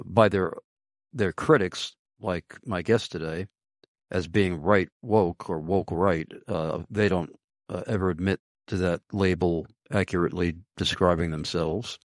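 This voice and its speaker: Slow, deliberate man hosting a show. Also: sits low, steady tone, no echo, studio quality. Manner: slow, deliberate, many "uh" fillers. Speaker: podcast host. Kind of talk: conversational religious talk show.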